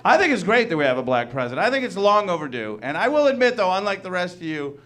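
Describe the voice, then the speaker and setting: A young man doing a stand-up comedy set, loud and animated, laughing through his punchlines. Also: sits high, fast talker, a little hiss or hum.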